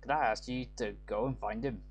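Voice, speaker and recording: Man doing a gruff brogue-voiced old dwarf. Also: mid-range voice, expressive, fast talker. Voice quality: mock Celtic brogue. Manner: stern, scolding, then pleading.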